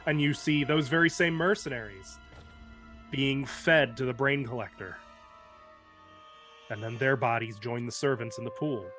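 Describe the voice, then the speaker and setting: A man as game master, narrating a dark tabletop scene in measured, descriptive storytelling. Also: mid-range voice, soft background music.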